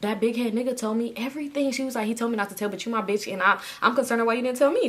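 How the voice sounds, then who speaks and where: Casting note: young woman, casual storytime, lively delivery with sudden high quoted lines. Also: quick pace, few pauses. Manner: animated, swearing, acts out quotes in high bursts.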